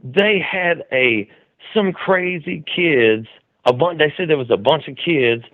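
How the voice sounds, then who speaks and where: A man hosts a call-in show in a rambling, excitable way, tripping over his words as he builds a story. His voice is dry and close, with no room sound. The audio is a bit dull and lo-fi, like a home podcast rig. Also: on the high side, measured pace, no echo. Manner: loose, excitable storytelling with many restarts and "dude". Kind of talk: casual rambling commentary. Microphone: studio mic with mixer.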